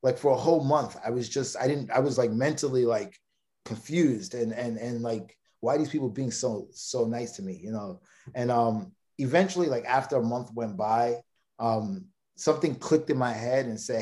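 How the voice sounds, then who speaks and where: A man's voice: medium pitch, normal speed, warm tone. A man in his thirties from Brooklyn, a podcast guest telling a long personal story in casual talk, with stammered restarts. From Brooklyn, New York. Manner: rambling, many restarts and stammered repeats.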